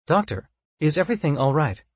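A man voicing a calm, polite android assistant that speaks in a flat monotone. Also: on the high side, fairly quick, breathy edge, no echo, pitched above the performer's own voice. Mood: concerned.

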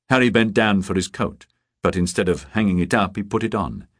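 A man narrating a novel as an audiobook, measured and expressive. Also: deep voice, dry recording, studio quality. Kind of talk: scripted narration.

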